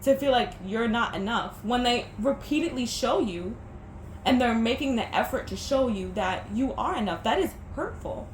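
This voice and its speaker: Talking at normal speed in an animated, high-leaning voice, a young woman shares her breakup on a personal vlog. Tears and sniffles break through, and she stumbles and restarts often. It sounds like an echoey room with faint noise in the background.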